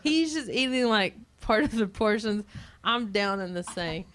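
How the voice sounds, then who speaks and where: A woman telling a funny personal story, animated and often breaking into laughter. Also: medium pitch, measured pace. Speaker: comedian. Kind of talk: comedic storytelling.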